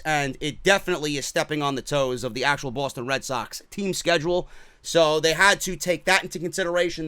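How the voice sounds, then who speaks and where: A man's voice: on the high side, sharp tone, clear, resonant tone, no room sound, clean studio sound. A man with a New York accent hosting a wrestling podcast, ranting with sarcastic, profane commentary. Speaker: podcast host.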